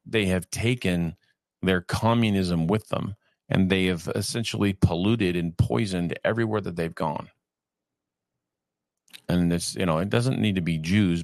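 Gravelly, low-voiced man reading aloud. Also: dry recording, clean studio sound. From California. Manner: reads evenly, then digresses in a halting conversational way. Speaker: reader and commentator. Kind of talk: reading aloud with personal asides.

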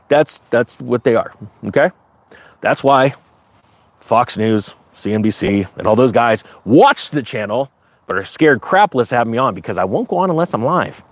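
Male livestream host, sarcastic ranter, voice jumps high when fired up, dry close sound. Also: moderate pace, no room sound. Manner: animated, sarcastic, rising to high excited pitch; rambling with many restarts. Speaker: crypto market livestream host. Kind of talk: casual livestream rant.

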